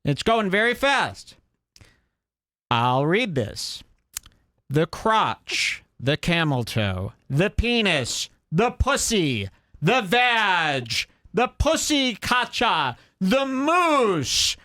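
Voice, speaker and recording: A man's voice: very animated, drawn-out words, bright, forceful tone, no echo, studio quality. A man hosting a podcast, ranting crudely and mockingly in a comedic style. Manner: mocking, exaggerated, swings pitch wildly. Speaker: podcast host.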